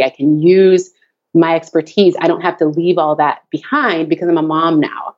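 A woman's voice: fairly low pitch, dull audio. A woman guest, a dance teacher, chatting casually in an interview and telling stories animatedly with frequent laughter. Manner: animated storyteller, laughs often, acts out her child's voice. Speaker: guest, tap dance teacher and course creator. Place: home office at the back of the garage.

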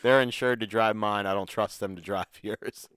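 A man's voice: fairly low pitch, steady tone, normal speed, fairly bright tone, smooth, no echo. A man co-hosting a casual podcast, talking in a laid-back, profane way and chuckling often. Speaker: podcast co-host. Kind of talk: casual chat.

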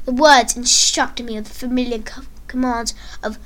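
A woman reading a first-person story aloud in an earnest, expressive way. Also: fairly high pitch, moderate pace, hardly any pauses. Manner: earnest, expressive read-aloud with acted quotes.

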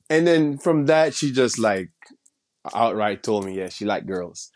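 A man spins a personal story in relaxed street slang, circling back and repeating himself as he goes. He keeps restarting his sentences and tosses in swearing without a second thought. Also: fairly low pitch, unhurried. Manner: rambling, with many restarts and repeated phrases.

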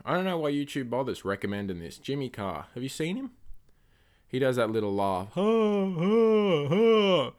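A man hosting his own solo podcast, rambling and swearing through rants that flare up loud and high when he gets angry. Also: big pitch swings, a little fast. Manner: rambling, profane, ranting. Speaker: podcast host.

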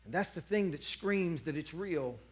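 A man's voice: on the high side, expressive, normal speed. A man preaching a sermon, telling a story and acting out the voices of a cheering crowd.

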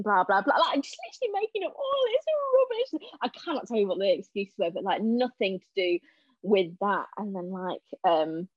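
A young woman chatting casually as a podcast guest, telling animated stories and acting out what people said. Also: mid-range voice, no room sound. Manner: animated storyteller, acting out quotes. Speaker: podcast guest, stage actress. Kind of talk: casual chat. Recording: dull lo-fi sound.

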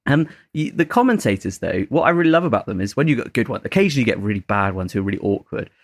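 A man's voice: on the low side, big pitch swings, very fast, no room sound. A man chatting casually as a podcast co-host, rambling a little and correcting himself as he goes. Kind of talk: casual chat.

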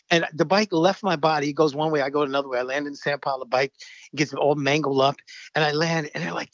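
A Bronx man in his fifties co-hosts a podcast, telling stories animatedly and laughing often in casual chat. His voice is a little high, with no echo, and the lo-fi sound is dull and dry.

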